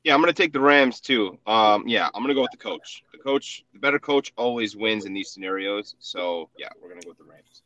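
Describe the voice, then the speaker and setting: A male betting-tips panelist giving quick, offhand picks. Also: lowish voice, expressive, sharp tone, highs cut off.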